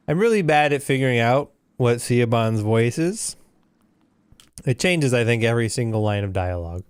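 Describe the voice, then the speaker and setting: A man's voice: mid-range voice, lively intonation, moderate pace, clean tone, no echo, clean studio sound. A man streaming a story game, chatting casually and joking about his own voice acting.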